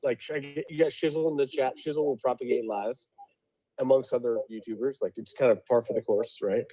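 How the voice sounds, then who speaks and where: A man's voice: mid-range voice, a little fast, rough recording. A man talking casually on a livestream as a guest, from outside a store, hedging with many fillers. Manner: animated, hedging, lots of fillers. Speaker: guest streamer.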